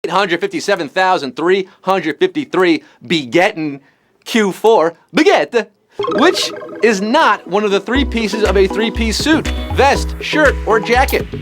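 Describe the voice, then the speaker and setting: Male quizmaster with a high voice and a stream of puns, over soft music. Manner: punny, jokey, fast-talking quizmaster. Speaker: quiz show host. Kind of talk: live trivia show hosting.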